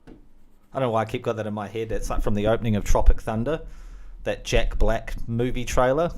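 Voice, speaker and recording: A man's voice: fairly low pitch, fairly even intonation, fairly quick, darkish tone. Man rambling crudely on a solo stream. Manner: crude, joking, full of fillers and asides.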